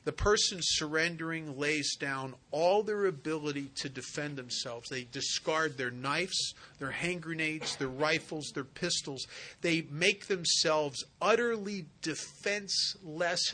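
A man giving a spiritual recovery talk, telling stories and acting out the dialogue in an animated way. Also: a little high, moderate pace.

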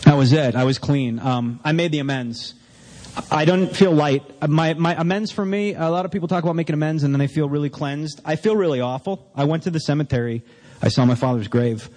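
A man's voice: fairly high pitch, brisk, a little mellow, big-room sound. A man speaking as a speaker sharing his recovery story. He tells it as a confessional personal testimony and acts out both sides of the conversations.

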